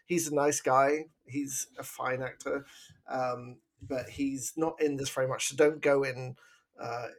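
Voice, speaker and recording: A man's voice: mid-range voice, steady tone, a little slow. A man co-hosting a casual film review podcast, upbeat and teasing, laughing easily. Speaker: podcast co-host.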